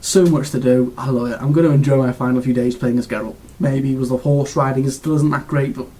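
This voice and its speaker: A man's voice: mid-range voice, steady tone, fast, mellow. A British man giving a casual video game review, gushing and rambling with lots of restarts and fillers.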